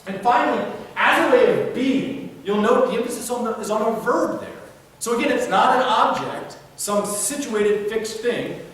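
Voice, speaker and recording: A man's voice: very high voice, moderate pace, fairly bright tone. A man, a philosophy professor, giving a live lecture in a hall and often checking that the audience follows. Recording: echoey hall, distant mic, faint noise.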